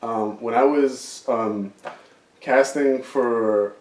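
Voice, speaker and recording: This co-host's medium-pitched, slightly mellow voice draws out its words. His meandering story in casual podcast chat is loaded with fillers and curses, captured by a distant mic in a roomy space.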